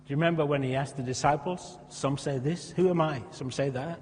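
A man's voice: medium pitch, fairly even intonation, brisk, slight background noise. Male preacher, impassioned sermon, acts out characters, long reverb. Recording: reverberant hall.

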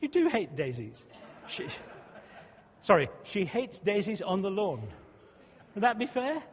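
A man's voice: high voice, sing-song, unhurried. A male pastor preaching a sermon in a conversational way, often restarting and repeating words. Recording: muffled sound with long hall reverb.

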